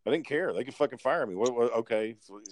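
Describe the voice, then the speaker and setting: A man's voice: mid-range voice, lively intonation, fast. A man telling a blunt, profanity-laced story in casual chat.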